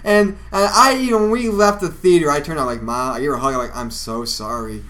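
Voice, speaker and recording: A young man co-hosting a podcast, chatting casually and telling animated stories, shouting when he quotes people. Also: on the high side, fast. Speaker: podcast co-host. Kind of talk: casual chat.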